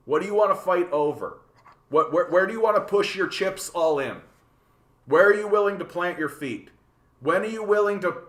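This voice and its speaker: Animated, profane man in a roomy space. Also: fairly high pitch. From Canada. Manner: animated, profane, repeats words when thinking. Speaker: livestream host reading chat. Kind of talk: casual livestream rant.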